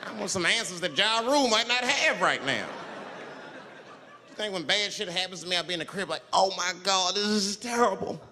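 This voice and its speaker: A young adult man doing a stand-up comedy set, telling profane stories and acting out characters in loud, high voices. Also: lively intonation, brisk, in a large hall, some chatter behind.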